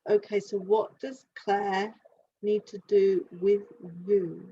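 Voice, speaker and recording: A woman gives an animal communication reading, feeling her way through each image in halting, searching phrases full of restarts. Her voice is mid-pitched, and the recording is dull and lo-fi with a faint hiss behind it. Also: level tone, dark tone. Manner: halting, searching, thinking aloud. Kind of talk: live reading session.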